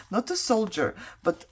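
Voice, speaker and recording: A woman whose first language is not English, rambling through a craft video at an ordinary middle pitch. She tells a story while she works, breaking into laughs and muttering to herself about what to do next. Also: husky. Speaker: craft vlogger.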